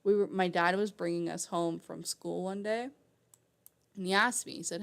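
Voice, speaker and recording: A woman streamer talks in a fairly low voice with a gravelly fry running through it. Her casual commentary rambles from one point to the next, full of fillers and frequent swearing. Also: moderate pace, a bit bright. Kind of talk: casual commentary while reading an article aloud.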